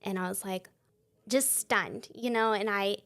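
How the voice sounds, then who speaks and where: A young woman, sharing her faith testimony as a guest in a conversational interview. She is a lively storyteller who laughs often and acts out the dialogue she quotes. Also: medium pitch, unhurried. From Texas.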